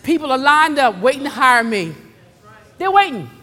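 A middle-aged woman preaching a sermon. She moves between low, conversational storytelling and fervent, shouted exhortation, calling out to the congregation. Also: sing-song, normal speed. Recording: long hall reverb.

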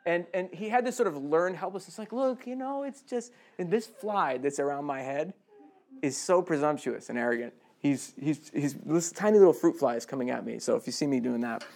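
A man's voice: on the high side, fairly quick, vocal fry, darkish tone. A man preaching a conversational sermon, chatty and self-deprecating, with humorous asides.

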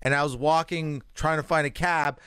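Brief: male guest telling a story, a touch high-pitched, dry close sound, profane and animated. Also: normal speed, smooth, dry recording. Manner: profane, animated, acts out voices in his stories. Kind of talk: casual storytelling.

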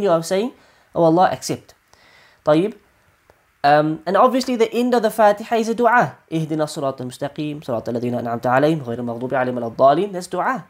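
A woman's voice: on the low side, darkish tone. A woman teaching an Islamic study lesson, repeating her points with emphasis and often checking in with "right?". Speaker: religious teacher.

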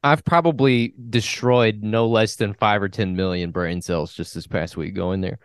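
A man's voice: lowish voice, steady tone, normal speed, smooth, no room sound, studio quality. A man co-hosting a podcast, joking and rambling, foggy from allergies. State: brain fog from allergies. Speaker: podcast co-host. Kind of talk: casual chat.

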